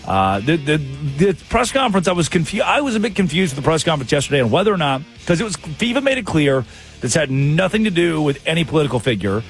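A man's voice: fairly high pitch, fast, faint music behind. A man hosting a comic sports talk show, telling stories with quoted voices. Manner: animated storytelling with voiced quotes.

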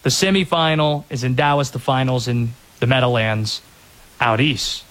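A man's voice: medium pitch, fairly even intonation, moderate pace, a bit bright. A man hosting a sports show, giving an emphatic, opinionated soccer analysis.

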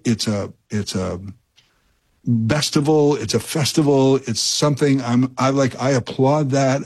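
Husky-voiced radio host rambling. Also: male voice, mid-range voice, a little mellow. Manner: rambling, chatty storyteller with many fillers and restarts. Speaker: fill-in radio talk show host. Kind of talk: casual radio talk and anecdote.

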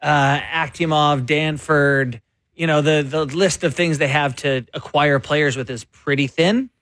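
A man co-hosting a sports talk show, making his case in a quick, conversational, opinionated way. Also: on the high side, fairly bright tone, no room sound. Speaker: sports radio co-host and columnist.

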